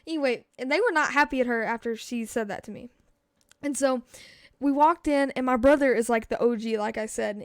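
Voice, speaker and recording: A high-voiced teen narrates a storytime over gameplay, rambling through fillers and putting on little voices for quotes. The sound is dry and close, as if from a desk mic. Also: clear, resonant tone, dry recording. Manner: chatty, filler-heavy, acts out quoted lines. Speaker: gaming vlogger.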